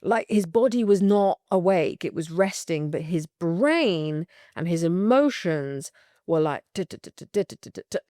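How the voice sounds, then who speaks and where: A young woman with a British accent hosting a candid solo podcast, swearing freely and talking in an animated way with bursts of laughter. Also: medium pitch, no room sound, clean studio sound. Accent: British English. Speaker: podcast host.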